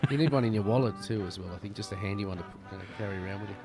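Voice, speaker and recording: A man's voice: on the low side, rapid-fire, music in the background. An Australian man co-hosting a podcast, trading joking interjections in casual banter. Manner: joking interjections, breaks into song. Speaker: podcast co-host.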